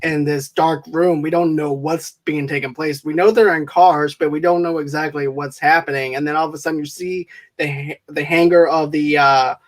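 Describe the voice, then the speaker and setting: High-pitched guy on a movie podcast, jokey, keeps laughing at his own bits. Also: steady tone, moderate pace, few pauses. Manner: laughs often, joking and playful. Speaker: podcast co-host. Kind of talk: casual movie review chat.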